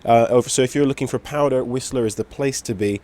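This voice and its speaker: A man presenting the snow forecast in a relaxed, casual way, with a few "uh"s. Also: medium pitch, quick pace. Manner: relaxed, filler-heavy delivery.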